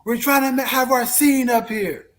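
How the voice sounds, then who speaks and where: Exasperated young woman shushing a crowd, as a man puts her on. High, drawn-out, fed up. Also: fairly even intonation, fairly bright tone. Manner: exasperated, slowed. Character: annoyed young woman hushing a noisy room.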